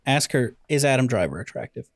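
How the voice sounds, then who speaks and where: A man's voice: mid-range voice, very animated, fairly quick, no room sound. A man co-hosting a podcast in casual chat, jokey and playful, steering the talk with questions. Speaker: podcast co-host.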